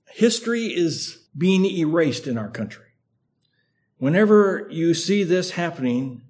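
An older male preacher delivering a sermon with a slight lisp. His voice sits a little higher than most men's, and he speaks in a measured, earnest way, building emphasis through repetition. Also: a little mellow. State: slight lisp from a sore tongue.

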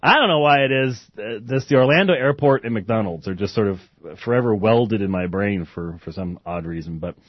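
A man's voice: fairly low pitch, animated, fairly quick, hardly any pauses, dry recording, lo-fi sound. A man hosting a talk show, chatting casually and wandering off topic, with many fillers and restarts. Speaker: podcast host. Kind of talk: casual rambling commentary.

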